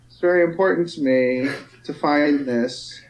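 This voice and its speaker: Man, co-host, unhurried delivery, wry and pedantic. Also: a little high, a little mellow, rough recording. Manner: playful, pedantic, teasing. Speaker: podcast co-host. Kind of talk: casual chat.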